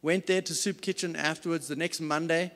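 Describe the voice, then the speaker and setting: Earnest high-voiced man in a hall. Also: steady tone, brisk, a bit bright. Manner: earnest, emphatic storyteller. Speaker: company CEO speaker. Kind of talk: faith-based business talk. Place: large event hall. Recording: reverberant hall sound.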